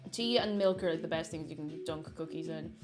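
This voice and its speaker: A woman's voice: low-pitched, a little fast. A young woman chatting casually on a live stream, reading chat aloud and talking with her mouth full. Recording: faint music behind.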